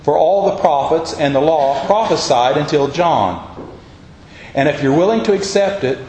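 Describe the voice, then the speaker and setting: A man's voice: on the high side, a little mellow, roomy sound, low-quality recording. A man pastor preaching a sermon, putting rhetorical questions to his congregation in a church.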